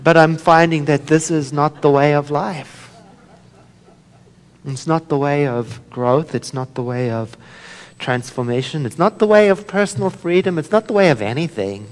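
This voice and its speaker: A man's voice: on the high side, moderate pace. A man giving a sermon as a minister, telling a story with humor and acting out its voices. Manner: storytelling, warm humor, acts out voices in a joke. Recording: long reverb of a hall.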